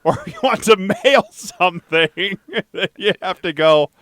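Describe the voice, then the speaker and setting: A man hosting a chatty podcast, animated and jokey as he riffs on odd news. His voice sits a little high for a man and sounds smooth and clear. The sound is close and dry. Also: measured pace, no echo. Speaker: podcast host. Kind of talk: casual news chat.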